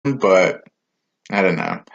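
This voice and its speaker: A man's voice: sits low, animated, slow pace, vocal fry, muffled recording. A man giving a casual spoken recap of a wrestling show, loose and conversational with filler words and asides.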